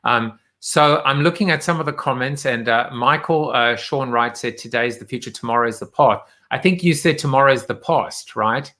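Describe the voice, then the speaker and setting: A man's voice: mid-range voice, moderate pace, hardly any pauses, sharp tone. A man hosting a live online talk show, chatting casually with many fillers and restarts. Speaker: show host. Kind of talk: casual live-stream chat.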